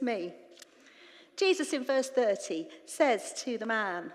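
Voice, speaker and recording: A woman preaching in church, retelling scripture with lively, animated asides to the congregation. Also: mid-range voice, normal speed. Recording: reverberant church hall.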